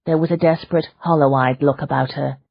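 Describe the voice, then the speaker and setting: A woman reads an audiobook with measured, even narration. Her voice is low and husky. The recording is dry and a little muffled. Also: no echo. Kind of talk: scripted narration.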